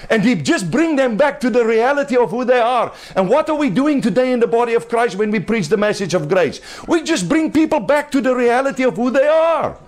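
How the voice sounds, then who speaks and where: A man's voice: very high voice, animated, normal speed. A man preaching a sermon to a small home gathering, in an emphatic, conversational way with a little laughter.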